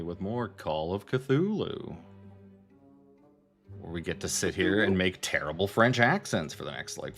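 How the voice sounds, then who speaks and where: A man's voice: deep voice, gravelly, fairly bright tone. A man chatting casually and swearing while setting up a tabletop game stream. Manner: swearing, joking. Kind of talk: casual chat among players.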